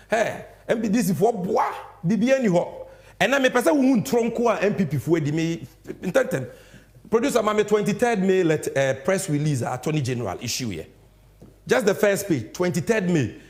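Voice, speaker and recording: A young Ghanaian man delivering fiery political commentary. His voice sits high for a man, and his pitch swings widely as he hammers home each point. He talks in an emphatic, animated way. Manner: animated, emphatic, switching between English and Twi.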